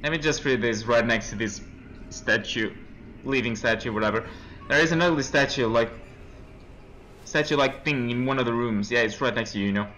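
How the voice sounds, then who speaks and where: Young male let's-player, bright tense voice, jumpy horror-game commentary full of nervous laughs. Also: medium pitch, a little fast, a little hiss or hum, poor audio. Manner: jumpy reactions, reading game text aloud, nervous laughs. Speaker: let's play gamer.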